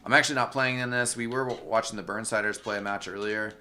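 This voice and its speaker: A man casually commenting on a video game match as a streamer, chatty and relaxed, full of fillers and greetings to viewers. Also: fairly low pitch, fast talker. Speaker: esports caster and streamer.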